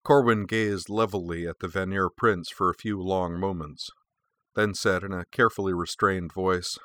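A man narrating an audiobook in a measured, expressive reading. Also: low voice, no echo, clean studio sound.

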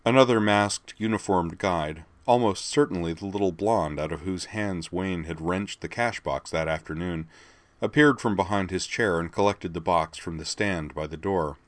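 A man with a low, deep voice reads a story aloud at a measured, even pace. His delivery is steady, and the recording is dry and close with no room sound. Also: no room sound. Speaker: narrator. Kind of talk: audiobook narration.

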